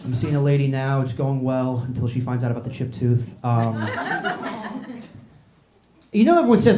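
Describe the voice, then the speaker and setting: In a small comedy club, a man with a mid-range, brisk voice performs foul-mouthed stand-up, trading riffs with the audience. He comes across as brash and profane. Expect an echoey, noisy live-room recording.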